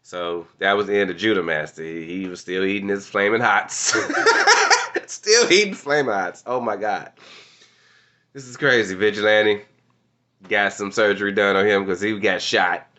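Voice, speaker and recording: A man casually recapping a TV episode, excitable and slangy, laughing often. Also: on the low side, moderate pace. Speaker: TV show reviewer.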